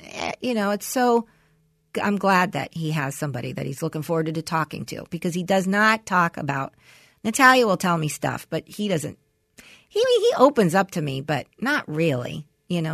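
A woman's voice: fairly low pitch, vocal fry, fairly bright tone, no echo, clean studio sound. A middle-aged woman co-hosting a podcast, telling a long story with plenty of fillers and acted-out quotes. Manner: rambling storyteller, many "you know" fillers, acts out quotes. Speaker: podcast co-host. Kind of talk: casual chat.

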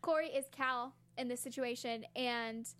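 High-voiced woman co-host, chatty. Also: a bit bright, clean tone. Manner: chatty, quick agreeing interjections. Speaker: podcast co-host. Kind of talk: casual chat recapping a TV series.

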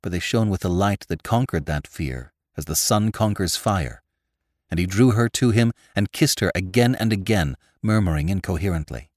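Deep-voiced guy reading an old novel aloud, lots of ups and downs, dry close mic. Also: no echo. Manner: measured, expressive storytelling. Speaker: podcast narrator. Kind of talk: audiobook narration of classic fiction.

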